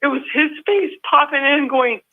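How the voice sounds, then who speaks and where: A woman's voice: sits high, normal speed. A woman calling in to a live show, telling a heartfelt story through tears and rambling restarts over a phone line. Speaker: call-in guest. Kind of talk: emotional call-in chat. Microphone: telephone.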